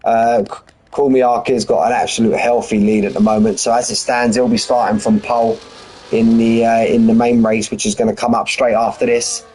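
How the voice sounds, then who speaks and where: A man's voice: medium pitch, little pitch movement, normal speed, darkish tone, husky, low-quality recording. A man giving live race commentary in a chatty, rambling, jokey way. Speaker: sim racing commentator.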